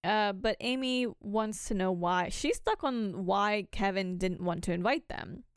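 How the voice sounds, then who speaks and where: A woman co-hosting a podcast and recapping an episode in a relaxed, chatty way, with casual asides. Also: mid-range voice, a little slow, clear, resonant tone, no echo, clean studio sound. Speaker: podcast co-host.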